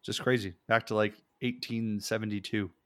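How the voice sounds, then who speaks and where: A man's voice: fairly low pitch, little pitch movement, moderate pace, no echo, clean studio sound. A man chatting casually on a podcast, rambling and laughing often, swearing freely. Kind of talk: casual chat.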